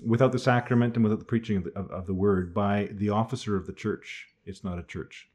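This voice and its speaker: A man's voice: on the low side, fairly even intonation, quick pace, a little mellow. A man teaching a class on church doctrine in a conversational way, thinking aloud and often restarting his sentences.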